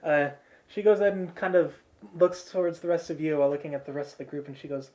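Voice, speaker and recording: A man's voice: fairly high pitch, fast. Man narrating a tabletop game. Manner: relaxed, rambling narration with many fillers. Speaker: game master.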